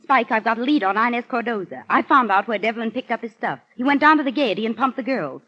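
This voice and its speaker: An actress playing a sharp, self-assured young female newspaper reporter in a 1940s radio drama, quick and teasing. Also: on the high side, animated. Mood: eager. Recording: dull old radio broadcast with music.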